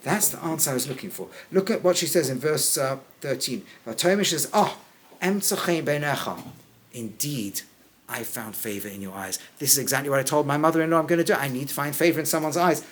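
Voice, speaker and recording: Middle-aged male rabbi, lively lesson voice, fairly high, acts out the text. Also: fairly quick. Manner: acts out the characters' lines with big pitch swings; drops to a low, quiet voice for key points. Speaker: rabbi teaching a text class. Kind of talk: animated Bible lesson.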